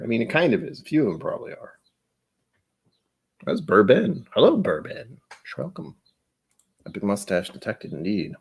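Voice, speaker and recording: A man's voice: deep voice, darkish tone. A man hosting a casual livestream, rambling and chatty with frequent laughs, his voice a bit tired. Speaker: livestream host.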